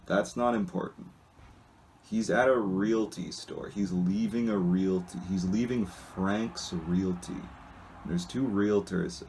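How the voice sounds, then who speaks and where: Man, deep voice, slow talker, rambling casual delivery, hesitant with restarts. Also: darkish tone, slight background noise. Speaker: solo video host reading comics. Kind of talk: casual, unscripted comic descriptions.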